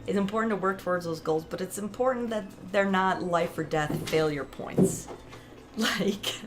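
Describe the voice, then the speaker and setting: A woman's voice: fairly low pitch, normal speed, very noisy. A woman vlogger talking casually to camera, chatty and rambling, laughing often.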